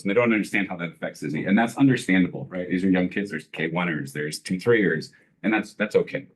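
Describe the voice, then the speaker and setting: A deep-voiced man speaking up as a parent at a school board meeting. He talks earnestly, stopping and restarting often with many fillers. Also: a little fast. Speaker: parent giving public comment. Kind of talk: emotional public comment at a meeting.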